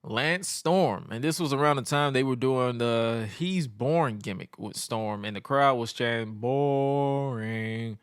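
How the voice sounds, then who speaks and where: A man co-hosting a podcast, recapping events in a casual, animated way and often laughing. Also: mid-range voice, normal speed, few pauses, no echo, studio quality. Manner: animated, laughs often, bursts into loud mimicking voices. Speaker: podcast co-host reviewing wrestling. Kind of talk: casual recap with acted-out quotes.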